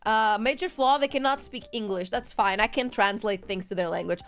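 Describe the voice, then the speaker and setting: A woman's voice: medium pitch, brisk, soft background music. A woman streamer chatting casually on a live stream, rambling in a giggly, playful way. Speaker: VTuber streamer.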